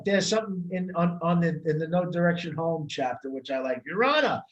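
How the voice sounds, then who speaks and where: A man's voice: on the high side, expressive, brisk. A man hosting an interview casually, chiming in with short reactions and reading from the guest's book. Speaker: interview host. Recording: dull lo-fi sound with faint noise.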